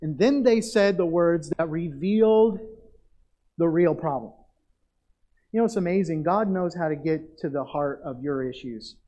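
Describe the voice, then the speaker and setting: High-voiced man preaching emphatically. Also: warm tone, dull audio. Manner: emphatic preaching with drawn-out stressed phrases; direct address to the congregation. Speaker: pastor. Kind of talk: sermon.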